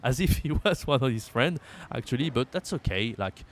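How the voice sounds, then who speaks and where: Man teaching with lively pitch. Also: moderate pace, a little hiss or hum. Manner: explains patiently, reads example lines aloud with lifted emphasis. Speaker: French teacher. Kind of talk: language lesson.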